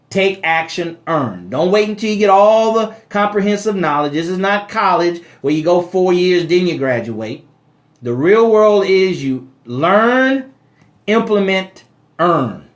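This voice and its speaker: A man giving a motivational live-stream talk about money, preaching to his listeners as brothers and sisters and repeating his key points with frequent stammers and restarts. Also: high-pitched.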